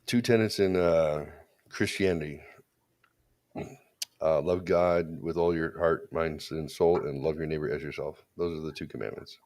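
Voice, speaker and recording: Blunt, deep-voiced man on a podcast. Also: moderate pace, darkish tone. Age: adult parent. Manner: blunt, crude storytelling with frequent restarts. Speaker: podcast co-host. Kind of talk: casual opinionated chat.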